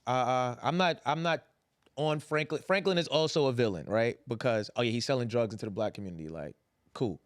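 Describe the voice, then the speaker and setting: A young adult man on a podcast, recapping a TV finale in casual, profane, animated chat and acting out quotes. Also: medium pitch, brisk, no room sound, clean studio sound. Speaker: podcast co-host.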